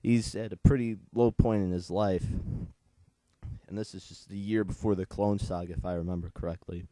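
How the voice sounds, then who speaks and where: A man's voice: deep voice, steady tone, moderate pace, mellow, no echo. A young man in his late teens, chatting casually as he reviews a comic book and retells its plot in a rambling, digressive way.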